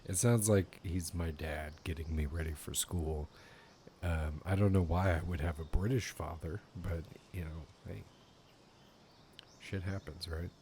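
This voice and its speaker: A man's voice: low-pitched, fairly even intonation, unhurried, darkish tone, slight background noise. A man giving casual let's play commentary while gaming, rambling and swearing casually. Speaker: gaming YouTuber.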